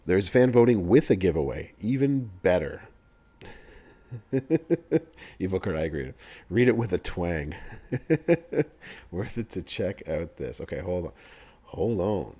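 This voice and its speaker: Laid-back low-voiced man hosting a livestream. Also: lively intonation, unhurried, long pauses, mellow. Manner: chatty, laughs often, answers chat messages. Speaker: livestream host for a mobile game. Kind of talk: casual livestream chat, reading game news to chat.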